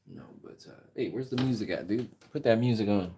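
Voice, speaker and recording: A man's voice: fairly low pitch, expressive, brisk, gravelly, dark tone. A man talking in a casual, rambling monologue, riffing and swearing freely. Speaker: music vlogger. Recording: clicking background noise.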